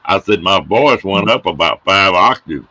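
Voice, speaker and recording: A middle-aged man with a drawl hosts a casual show and tells tall tales. His voice sits very low, with a bright, forceful tone. He tells his folksy yarns with a laugh close behind. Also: lively intonation, measured pace. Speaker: host telling stories. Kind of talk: casual storytelling on a live show.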